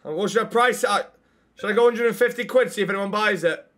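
Loud, cheeky man streaming. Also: sits high, fast talker. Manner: loud, cheeky, swears a lot. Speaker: streamer playing a police officer. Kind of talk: role-play banter with chat shout-outs.

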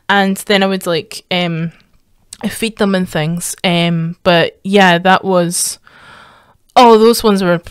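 A woman's voice: mid-range voice, clear, resonant tone, no room sound. A Scottish woman chatting through a reaction video in a loose, rambling way, swearing freely and squealing when something grabs her. Her voice sits in an ordinary middle register and sounds dry and close, with no room around it. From Scotland. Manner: rambling, sweary, bursts into excited squeals and laughs. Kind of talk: casual reaction commentary.

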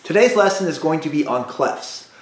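A music teacher drilling students through call-and-response practice, patient and repetitive. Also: male voice, fairly high pitch, expressive, normal speed, reverberant. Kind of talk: recorded music lesson for students.

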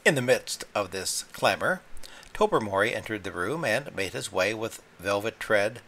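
A man reads a classic short story aloud in a measured, wry manner. His voice is gravelly with plenty of fry and sits a little low. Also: expressive, sharp tone. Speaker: audiobook reader. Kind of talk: scripted story narration.

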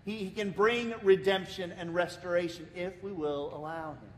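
An American man preaching a sermon as pastor, telling a story with lots of repeated words and restarts. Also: normal speed. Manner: lively storytelling, acting out the people in it. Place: church sanctuary. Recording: reverberant church hall, faint rumble.

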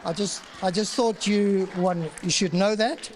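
A man's voice: sits high, steady tone, a little slow, a little hiss or hum. Pastor telling a story in his sermon, chatty, plays the parts, big echoey church. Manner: conversational storytelling, acts out dialogue. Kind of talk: sermon with personal stories. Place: church auditorium. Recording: reverberant church hall.

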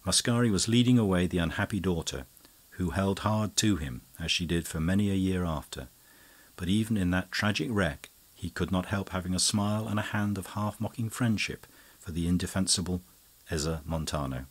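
A man narrating a classic mystery audiobook in a measured, low-key manner. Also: breathy edge. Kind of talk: scripted narration.

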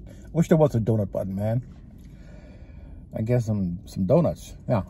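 With a lowish, dark voice and lively intonation, this man speaks at a moderate pace, leaving long pauses. He's a food vlogger with a Texas-sounding drawl, rambling casually while chewing in a parked car whose engine is running, over a faint hiss or hum.

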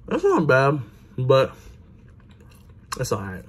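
Excitable man vlogging a game. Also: medium pitch, a little fast. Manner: excitable sports fan, swears freely, talks with his mouth full. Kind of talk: casual chat to camera.

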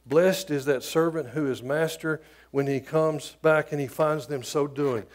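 Pastor guy preaching, high-pitched, loud then quiet asides. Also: fairly even intonation, a little slow. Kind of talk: sermon.

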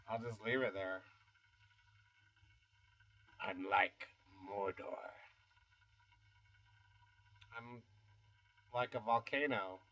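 A man's voice: on the low side, fairly bright tone, lo-fi sound. A man in his fifties from the United States, rambling casually and self-deprecatingly in a vlog, with chuckling asides. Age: 50s. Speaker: YouTuber. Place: home studio.

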